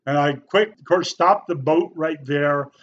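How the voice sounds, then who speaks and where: A middle-aged man recounting a personal story with earnest, folksy warmth, turning animated when he quotes others. His voice sits a little high. The recording is slightly muffled, with a faint hiss underneath. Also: measured pace. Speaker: youth pastor. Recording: slightly dull, faint background noise.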